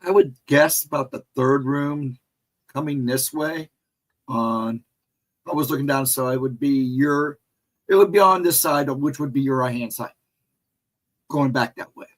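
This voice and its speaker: A man with a husky, slightly rough voice tells a ghost story in casual, rambling fashion. His pitch sits in the ordinary middle range. He acts out the lines of the people in his story. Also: unhurried, pauses often. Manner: rambling, animated, laughs often, mimics voices in dialogue. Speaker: guest telling a ghost story.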